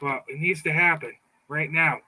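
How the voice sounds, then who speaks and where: A man's voice: fairly high pitch, normal speed, sharp tone, low-quality recording. A middle-aged man giving a fired-up, taunting political monologue, often stumbling and repeating words. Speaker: political commentator. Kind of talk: casual monologue.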